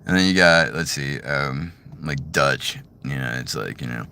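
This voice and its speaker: A man's voice: rumbling low, unhurried, few pauses, pushed and bright, no echo. A man chatting casually and ramblingly in a car, full of "you know" and "like". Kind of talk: casual talk about doing voices.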